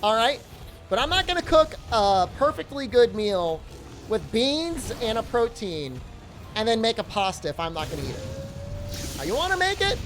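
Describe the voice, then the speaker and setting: A woman's voice: fairly high pitch, measured pace, faint music behind. A woman streaming a video game, chatting casually and jokingly as she answers her chat. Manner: jokey, answers chat aloud, lively. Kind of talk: casual live-stream chat while gaming.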